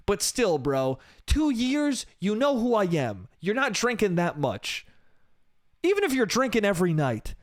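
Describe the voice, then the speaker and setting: Young male solo podcaster, slightly high voice, swears a lot, says "bro" constantly. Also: dry recording, clean studio sound. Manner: profane, animated, frequent "bro" and "dude". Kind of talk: casual storytelling monologue.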